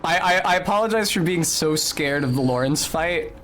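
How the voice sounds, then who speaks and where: Faint music plays behind a man with a fairly high, fairly bright voice, lively intonation, and a moderate pace as he streams a video game. He chats casually in precise, articulate diction, swears abruptly at the game, and talks of sounding like a snob.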